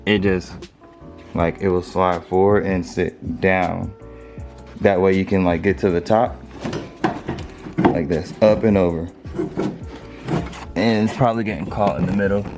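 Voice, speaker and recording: Laid-back man with a low voice. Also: steady tone, a little slow, pauses often. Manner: loose, chatty, talks while working with hands. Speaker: car DIY vlogger. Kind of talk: casual how-to walkthrough. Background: music playing.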